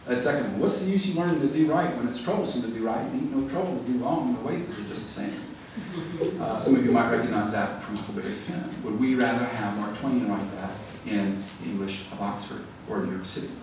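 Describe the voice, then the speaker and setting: A man giving a lively, conversational public lecture to a library audience, then taking questions. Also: mid-range voice, a little fast. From American South. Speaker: author giving a library talk. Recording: roomy echo, distant mic, faint background noise.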